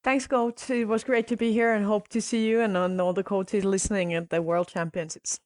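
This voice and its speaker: A woman from Finland with a Finnish accent, telling a story as a podcast guest, expressive and laughing. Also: medium pitch, normal speed. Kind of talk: conversational interview.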